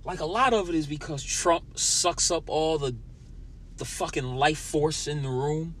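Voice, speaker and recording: A young man hosts a solo podcast, ranting profanely and speaking directly to listeners in a sour, angry mood. His voice is on the high side, a bit bright and measured in pace, with a little hiss or hum in the audio.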